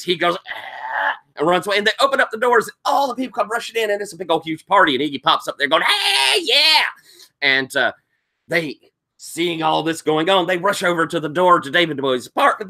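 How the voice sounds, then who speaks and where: A man running a tabletop game, recapping the session as an animated storyteller who acts out quotes and sound effects. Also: sits high. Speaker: game master.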